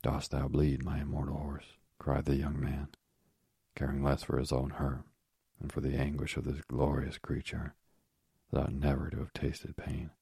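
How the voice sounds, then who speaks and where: Narrator, male: very deep, raspy and monotone, dry booth sound, measured storybook reading. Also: no echo.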